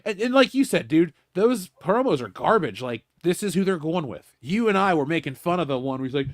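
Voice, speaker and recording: A man co-hosting a podcast, making animated, mocking complaints in casual chat. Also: high voice, a little fast, no echo, clean studio sound. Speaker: podcast co-host.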